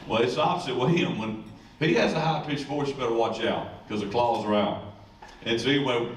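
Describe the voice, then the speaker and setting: A man, a high school football coach giving a rambling, joking ceremony speech. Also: fairly quick. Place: school event room. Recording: echoey room, distant mic, faint noise.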